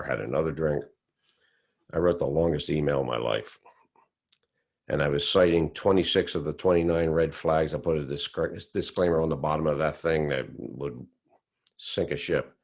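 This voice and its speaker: Brief: low-pitched man, storyteller who acts out the people he quotes. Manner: acts out quoted voices with big pitch swings. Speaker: speaker recounting whistleblowing story. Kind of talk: animated storytelling talk.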